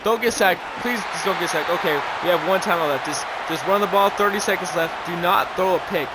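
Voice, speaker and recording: A young man calling his own football video game, nervous and excited, swearing and saying "man" and "bro" a lot. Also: high voice, fairly quick, heavy background noise. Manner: hyped, anxious play-by-play, swears, says "man" and "bro" a lot. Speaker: gaming YouTuber. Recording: game music playing loud underneath. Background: video game music.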